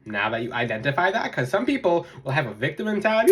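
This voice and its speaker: Animated young man giving spiritual advice. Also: quick pace, hardly any pauses. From South Florida. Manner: animated, emphatic, repeats key phrases, mimics others in high voices. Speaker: spiritual vlogger. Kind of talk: casual advice monologue to camera.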